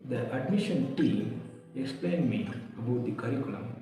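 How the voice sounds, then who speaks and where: A man giving a prepared, measured testimonial as a parent. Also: medium pitch, lively intonation, mellow. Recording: echoey hall, distant mic, music behind.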